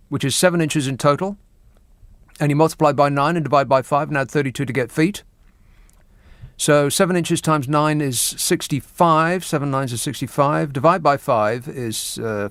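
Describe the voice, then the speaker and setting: A man's voice: fairly high pitch, a bit bright, no room sound. A man hosting a radio phone-in, joking in a dry, mock-serious way. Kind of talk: late-night radio banter. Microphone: studio microphone.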